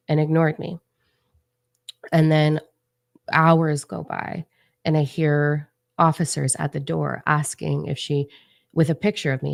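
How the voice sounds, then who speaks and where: A woman telling a personal story in a casual, animated way, with lots of filler words. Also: low voice, measured pace, gravelly, no echo, clean studio sound. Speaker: spiritual channel host.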